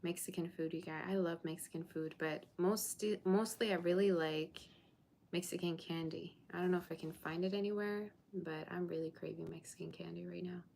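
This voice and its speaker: A woman's voice: lowish voice, steady tone, normal speed, vocal fry, a little mellow, a little hiss or hum. Chatty woman giving a tarot reading. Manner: chatty, reassuring, answers viewer comments. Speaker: tarot reader. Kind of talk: live tarot reading and chat. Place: borrowed room, indoors.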